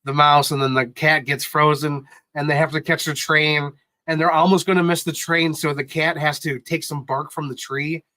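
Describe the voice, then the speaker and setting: Man, live-stream chat, bright forceful tone, slightly high voice, dry close sound, rambling and sentimental. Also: moderate pace, no room sound, low-quality recording. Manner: rambling, excitable movie recaps; sentimental, gets choked up.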